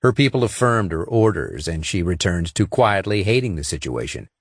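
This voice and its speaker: A man narrating a science-fiction audiobook with expressive storytelling and character voices. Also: deep voice, moderate pace, husky, no room sound, clean studio sound.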